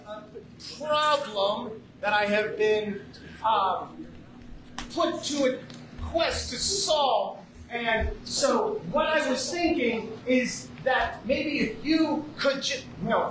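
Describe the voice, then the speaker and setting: A man with a high voice fumbles through a comic bit at a court gathering, stammering slowly and hunting for his words. He is heard from far off in a big echoey hall with a noisy crowd around him. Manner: hesitant comic bumbling, then singing. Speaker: court participant. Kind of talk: comic ceremonial skit with song. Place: large hall. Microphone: distant camera mic.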